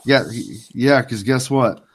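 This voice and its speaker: A man's voice: mid-range voice, breathy edge. Man hosting sports talk radio. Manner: loose, teasing, quick wrap-up patter. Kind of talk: casual radio chat. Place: radio studio.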